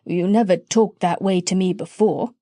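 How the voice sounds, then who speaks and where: A woman voicing a gentle, eccentric country doctor who speaks mildly and carefully. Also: lowish voice, steady tone, no room sound, clean studio sound, close to an everyday voice. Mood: surprised. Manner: mild, earnest, slow and careful.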